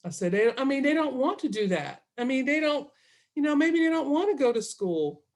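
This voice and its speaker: Middle-aged woman, lively storyteller, quotes people in dialogue. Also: high-pitched, brisk. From Southern US. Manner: animated, quotes herself and others in dialogue. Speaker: interviewee. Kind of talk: casual storytelling.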